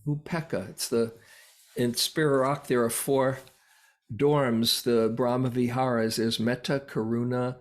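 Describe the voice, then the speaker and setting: A man giving a Buddhist dharma talk as a meditation teacher, reflective and unhurried, pausing often with soft fillers. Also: mid-range voice, fairly even intonation.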